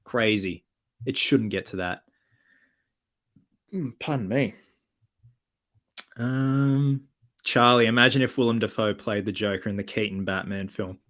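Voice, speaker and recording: A man's voice: on the low side, fairly even intonation, brisk, bright, forceful tone. A man hosting a casual livestream Q&A, reading viewer comments aloud and replying in an upbeat, chatty way.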